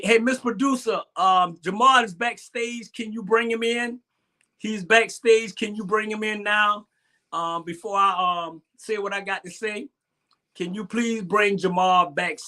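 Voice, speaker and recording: A man's voice: high-pitched, bright, forceful tone. A man hosting a casual live-stream talk show, rambling and repeating himself as he jokes and complains. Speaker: show host.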